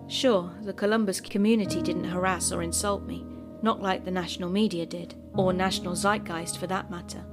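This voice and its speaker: A woman with a fairly low voice tells a first-person horror story in a measured, bitter way. Her reading is scripted and steady, and music plays behind her the whole time. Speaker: story narrator.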